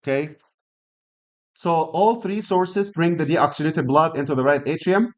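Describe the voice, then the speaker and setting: Man, classroom anatomy lecture, slightly high voice, rhetorical questions, restarts phrases. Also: moderate pace. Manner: uses physical demonstrations while explaining. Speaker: anatomy and physiology instructor.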